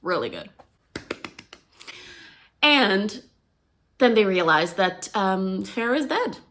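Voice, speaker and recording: A woman's voice: mid-range voice, takes it slowly. A woman retelling a novel's plot in a casual, chatty way, with lots of "like" and "you know". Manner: chatty and animated, heavy use of "like" and "you know". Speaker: book explainer.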